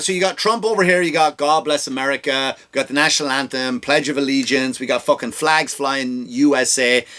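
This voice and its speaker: A man in a comedic rant, sarcastic and mocking, swearing freely. His voice sits a little high and cuts through with a sharp, forceful brightness. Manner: sarcastic, profane; mocking, exaggerated. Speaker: comedy podcast host.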